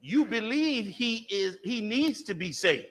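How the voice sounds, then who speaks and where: High lively man teaching, quizzing the room. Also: a little slow. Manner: questions the audience and calls on them; emphatic, repeats key phrases. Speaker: religious teacher. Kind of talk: teaching a class.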